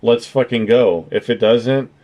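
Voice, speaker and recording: A man's voice: mid-range voice, a little slow, mellow. A man chatting casually on his livestream, rambling and earnest, swearing freely as he thanks his viewers. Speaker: streamer.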